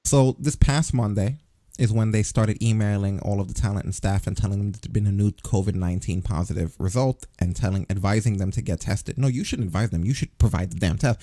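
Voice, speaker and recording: Male podcast co-host, sarcastic and profane, mellow dark tone, dry close sound. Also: lowish voice, a little fast, dry recording. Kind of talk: casual news chat.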